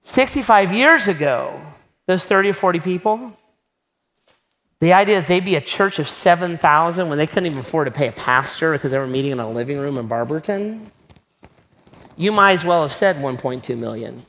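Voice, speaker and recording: A man's voice: on the high side, fairly quick, fairly bright tone. A man preaching a sermon as a pastor, conversational and emphatic, often tossing rhetorical questions to the congregation.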